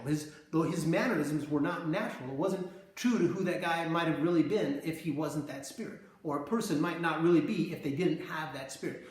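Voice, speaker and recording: A man earnestly retelling and interpreting his dreams in a conversational way, acting out the scenes as he goes. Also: on the high side. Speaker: preacher recounting visions. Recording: very echoey room.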